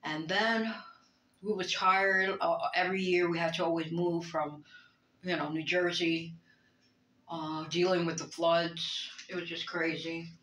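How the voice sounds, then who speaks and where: A woman's voice: fairly low pitch, little pitch movement, measured pace, fairly bright tone. Hesitant New woman in a roomy bedroom. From Brooklyn, New York. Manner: hesitant, full of fillers and restarts; emotional, reflective. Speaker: vlogger. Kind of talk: rambling personal vlog.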